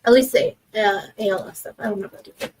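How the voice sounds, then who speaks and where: A woman's voice: mid-range voice, steady tone, fast talker, darkish tone, rough recording. A young woman hosting a livestream, chatting casually with viewers from her desk and rambling with many fillers and restarts. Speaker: livestream host. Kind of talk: casual chat with live chat. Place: home desk.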